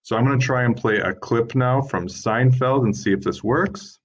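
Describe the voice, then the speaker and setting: A man's voice: mid-range voice, moderate pace. A man in his thirties giving an informal lecture at a workshop, explaining points steadily and listing them one by one as he reads from slides. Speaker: workshop presenter.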